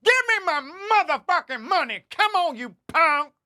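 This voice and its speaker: A man putting on a furious street tough who yells and demands his money back. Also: very high voice, sing-song, normal speed, voice pushed up, heavily acted. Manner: yelling, menacing.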